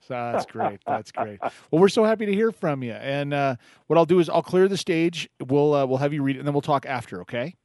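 Lively-voiced man hosting a call-in show. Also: fairly high pitch, a little fast, no echo, clean studio sound. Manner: upbeat, laughs easily. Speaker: radio show host. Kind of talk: casual radio chat. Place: Denver.

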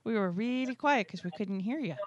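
A woman's voice: fairly high pitch, animated, a little fast, lo-fi sound. A woman hosting a casual chat show, chatty and affectionate, often laughing. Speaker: host.

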